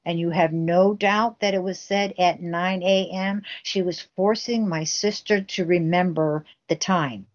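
Woman, lowish voice, intense storytelling, acts out the quotes, muffled lo-fi sound. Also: fairly even intonation, a little slow, hardly any pauses. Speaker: guest recounting a family case. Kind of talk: emotional storytelling interview.

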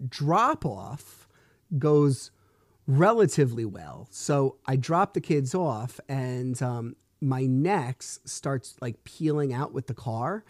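A man's voice: medium pitch, expressive, slow pace, no room sound, clean studio sound. A man in his thirties hosting a solo podcast, telling a story in a frustrated, rambling way with swearing and restarts. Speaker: podcast host.

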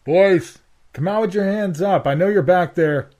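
A man voicing a gravelly small-town police officer who booms commanding orders over a megaphone, pitched well above his own voice. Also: moderate pace, darkish tone, lightly acted. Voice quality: gravelly, booming.

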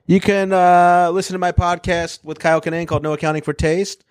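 A man guest on a comedy podcast, chatting casually and playfully, quick to crack jokes. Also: sits high, flat delivery, clean tone. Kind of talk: casual chat.

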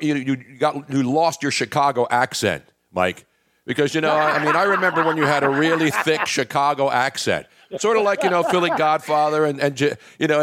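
A man's voice: fairly high pitch, fairly bright tone, no echo, clean studio sound. A man hosting a sports talk show, joking and teasing his guests and laughing often. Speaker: host.

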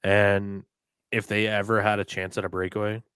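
A man hosting a casual podcast with a somewhat low voice. He jokes around, swears freely and gets animated in his stories. The sound is close and dry. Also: moderate pace, clear, resonant tone, no echo. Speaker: podcast host.

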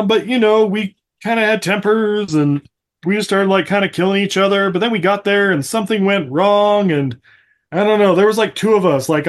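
A man's voice: sits high, voice pushed up, lightly acted. A man voicing an ancient male immortal elder in a mocking, lofty paraphrase.

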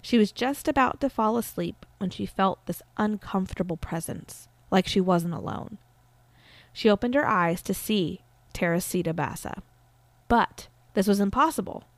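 A woman narrating a true-crime story in a chatty, casual podcast style, dropping fillers as she goes. Her voice sits at a middle pitch and sounds close and dry. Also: moderate pace, dry recording. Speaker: podcast host.

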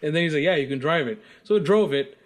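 A man's voice: fairly high pitch, fast talker. A man co-hosting a podcast, from the US, telling a casual story full of laughter and swearing. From United States. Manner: laughs often, animated and profane anecdotes. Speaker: podcast co-host.

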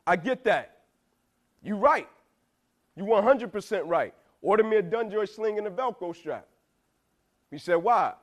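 Young male motivational speaker, higher-pitched voice, punchy and repetitive, slangy delivery, keeps checking in with "right?". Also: animated, unhurried, pauses often. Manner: emphatic, repetitive, asks "right?" a lot, slangy. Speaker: motivational speaker to college football players. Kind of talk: motivational speech.

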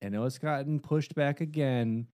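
A man co-hosting a podcast, joking in a halting way about upcoming video games. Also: medium pitch, darkish tone. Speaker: podcast co-host.

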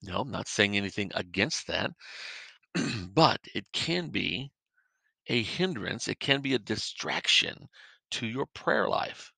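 Gravelly, bright-toned preacher, dry close mic. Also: male voice, on the low side, lively intonation, takes it slowly, no room sound. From northern United States. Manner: earnest, repetitive preaching cadence with stammered restarts. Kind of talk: podcast sermon.

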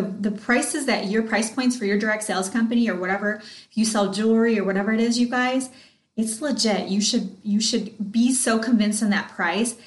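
A woman in her thirties, hosting a podcast and coaching on sales in an excited, chatty way, talking straight to her listeners. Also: mid-range voice, reverberant. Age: 30s. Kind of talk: casual motivational talk.

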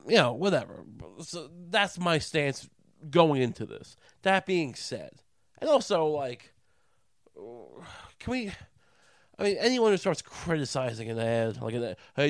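A man's voice: on the high side, big pitch swings, unhurried, no echo. A man on a profane comedic rant, full of stammered restarts and mocking voices he puts on for others.

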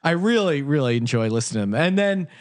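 A podcast host, a man, talks in a loose, chatty way with plenty of fillers and quick laughs. His voice sits a bit high. The sound is dry and close to the mic. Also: animated, dry recording. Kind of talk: casual podcast chat with ad read.

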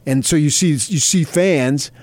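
A man's voice: on the high side, a little slow, a little mellow, no echo. A man co-hosting a sports talk show, telling stories in a rambling way with many fillers. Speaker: sports reporter and co-host. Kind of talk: casual chat.

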